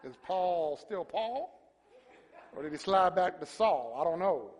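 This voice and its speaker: Black preacher guy, high voice, gets loud and dramatic, long church reverb. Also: measured pace. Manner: animated preaching, acts out voices, shouts at peaks. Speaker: pastor. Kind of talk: sermon. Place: church sanctuary.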